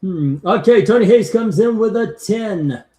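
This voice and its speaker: A man with a high, warm voice and lively intonation takes his time as he hosts a casual live stream ranking comic covers. He chats along and reads out viewer comments and scores.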